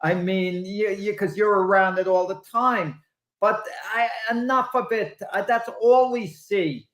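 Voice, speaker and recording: A man's voice: sits high, measured pace, a bit bright. A man who is a guest on a sports talk show and makes his points with emphatic, indignant rhetorical questions. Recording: roomy echo.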